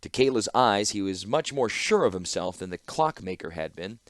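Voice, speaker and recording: A man narrating a fantasy audiobook with expressive storytelling. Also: on the low side, normal speed, no echo, studio quality. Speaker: audiobook reader.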